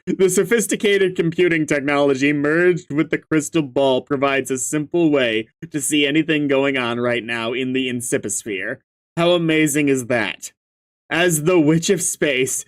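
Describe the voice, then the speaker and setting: A man reads a webcomic aloud in a slightly high voice, taking his time over each line. He stammers and laughs often, with sudden outbursts as he reacts to what he reads.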